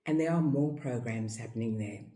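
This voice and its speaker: Low, mellow-voiced South African woman teacher. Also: moderate pace. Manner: acts out parents' voices in a high, excited tone; repeats phrases for emphasis. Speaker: yoga teacher and speaker. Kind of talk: reflective teaching talk.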